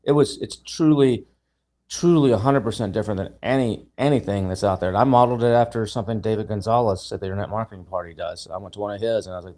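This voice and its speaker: A man on a live video call, telling long stories in a casual, animated way, restarting and repeating words and acting out what people said. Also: fairly low pitch, fast talker. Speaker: guest speaker, event founder.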